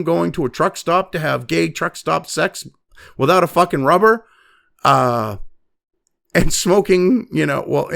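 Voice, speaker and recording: A man delivers a profane opinion rant, angry and mocking. His fairly high voice swings widely in pitch and carries a gravelly edge. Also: fairly bright tone. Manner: angry, heavy swearing, mocking quoted voices. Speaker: commentary show host.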